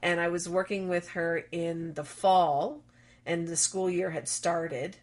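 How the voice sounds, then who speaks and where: A middle-aged woman, a guest on an interview, who tells lively stories and acts out the dialogue she quotes. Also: fairly low pitch, slow. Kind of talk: conversational interview.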